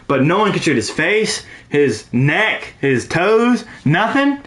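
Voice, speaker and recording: A man's voice: on the high side, slow pace, roomy sound. Young man ranting in casual podcast chat. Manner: animated ranting, heavy swearing. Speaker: podcast co-host.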